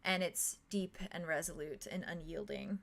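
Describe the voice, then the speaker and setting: This woman runs a tabletop role-playing game as game master, narrating casually and rambling with many fillers and little chuckles between lines. Her voice is on the low side, fairly bright, with vocal fry, at a moderate pace.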